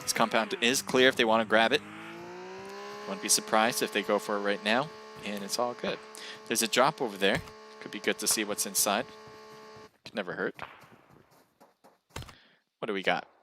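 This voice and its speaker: A man's voice: fairly low pitch, normal speed, pauses often, background noise. A man casting a live mobile battle royale match, casual and chatty, laughing and getting worked up at close calls. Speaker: esports caster. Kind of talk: live game commentary.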